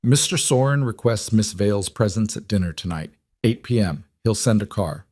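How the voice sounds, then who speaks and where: Guy doing a russian enforcer, calm polite threats, low and dry. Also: moderate pace, no room sound. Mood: coldly polite. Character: menacing burly Russian male enforcer.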